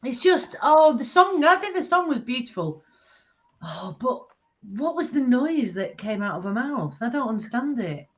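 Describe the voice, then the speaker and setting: A woman's voice: high voice, sing-song, normal speed. A woman panelist speaking bluntly and exclaiming freely in a live chat. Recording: dull lo-fi sound.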